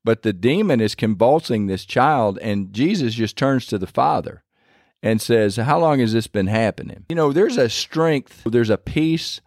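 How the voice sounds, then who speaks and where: A man delivering a sermon in a plain, mid-pitched voice, speaking earnestly and conversationally as he retells scripture. The sound is dry, with almost no room echo. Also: animated, unhurried, darkish tone. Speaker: preacher.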